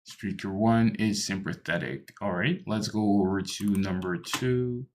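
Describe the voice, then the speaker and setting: A man's voice: lowish voice, a little slow, darkish tone, a little hiss or hum. A man teaching an online English lesson, patient and explaining with many ums and restarts, on a computer microphone. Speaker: English tutor.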